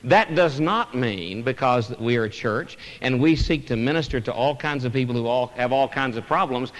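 A man's voice: medium pitch, a bit bright, big-room sound. A man preaching a sermon as pastor of a church, earnest and emphatic, pressing each point home. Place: church sanctuary.

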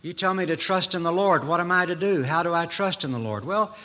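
A man preaching a sermon in a folksy manner, with dramatic pauses and rising emphasis. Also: sits high, sharp tone, muffled recording. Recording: echoey hall.

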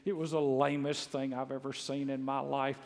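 A man from Mississippi, preaching a sermon in a folksy storytelling way, full of humor and rising to loud exclaims. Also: medium pitch, flat delivery, normal speed. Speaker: pastor. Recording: long echo of a large hall.

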